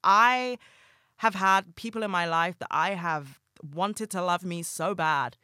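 Frank, bright-voiced woman podcasting solo. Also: fairly low pitch, unhurried, dry recording, studio quality. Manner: frank, emotional, swears often. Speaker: podcast host. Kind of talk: candid solo podcast monologue.

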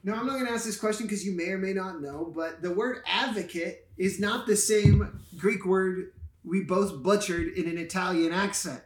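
A man's voice: high voice, normal speed. A man, a pastor and podcast co-host, explaining Bible passages in a casual, playful and enthusiastic way. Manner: playful, enthusiastic teacher who jokes and explains. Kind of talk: casual Bible teaching chat. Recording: roomy echo.

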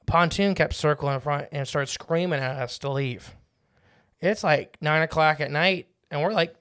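A man with a somewhat high voice, chatting casually on a podcast. He tells his story in a loose, halting way, backing up and restarting his sentences. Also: a bit bright, smooth. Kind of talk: casual chat.

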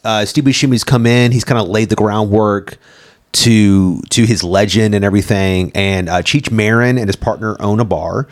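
A man's voice: on the low side, fairly even intonation, normal speed. Rambling, swearing man chatting about films. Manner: rambling, heavy on "like" fillers and swearing; laughs often while retelling scenes. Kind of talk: casual film chat.

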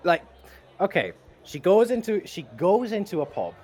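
A man's voice: high-pitched, sing-song, moderate pace, a little mellow, soft background music. A man co-hosting a casual podcast, playful and giggly, swearing freely. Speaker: podcast co-host. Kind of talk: casual banter.

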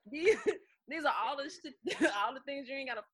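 Animated bright-voiced woman chatting. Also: high voice, normal speed, a little hiss or hum. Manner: animated, swears, acts out quoted voices. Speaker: podcast co-host. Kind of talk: casual chat.

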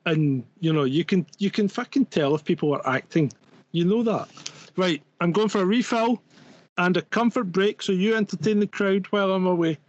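A high-pitched man co-hosting a live stream, blunt and quick to swear. The sound is dry and somewhat dull. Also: no room sound. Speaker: co-host. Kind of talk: casual live stream chat.

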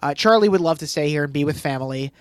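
A man co-hosting a podcast, recapping a TV episode in casual chat, quick and chatty with sarcastic asides and frequent laughs. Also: a little high, clean tone, no echo.

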